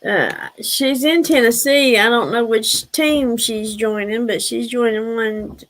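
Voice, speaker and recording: Slow-talking, higher-voiced woman chatting live. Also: fairly bright tone. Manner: rambling and chatty, answering the chat. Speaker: livestreamer chatting with viewers. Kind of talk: casual live-stream chat.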